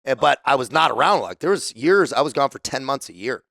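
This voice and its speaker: A man from the United States, a podcast guest telling stories in a casual, profane, animated way. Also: mid-range voice, a little fast, vocal fry, no room sound, studio quality. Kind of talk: casual storytelling.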